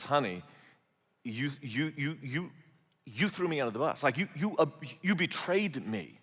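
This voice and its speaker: A man's voice: a little high, a bit bright. A man preaching a sermon, telling the story with animation and briefly acting out the characters' voices. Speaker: pastor. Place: church auditorium. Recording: large hall with long reverb.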